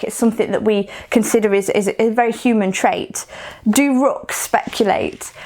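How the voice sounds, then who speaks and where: Give me a woman with a Coventry accent explaining a poem in a chatty, informal teaching style. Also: mid-range voice. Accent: Coventry English. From Coventry, England. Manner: chatty, explanatory, with fillers and restarts. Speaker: poetry workshop leader. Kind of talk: recorded poetry lesson.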